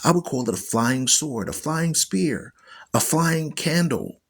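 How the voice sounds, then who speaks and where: A man's voice: on the high side, expressive, measured pace, a bit bright, husky. A man hosting an online Bible radio show, teaching scripture in an emphatic, preachy way and repeating phrases for stress. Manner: preachy, argues with viewers.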